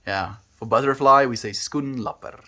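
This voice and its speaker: At a moderate pace and a fairly low pitch, a South African man chats with his livestream audience from home. He's laid-back and enjoys toying with how words sound.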